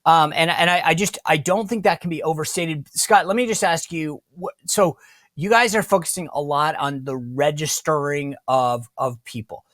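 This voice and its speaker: A man hosting a political interview show, talking with animated energy and often restarting his sentences. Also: fairly high pitch, normal speed, no room sound, studio quality. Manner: animated, repeats himself and restarts. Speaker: podcast host.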